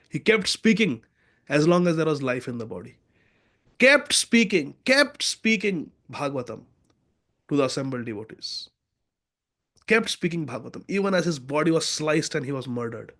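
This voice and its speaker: A man leads a devotional scripture class, telling stories and acting out the quoted lines. His voice sits a little high for a man.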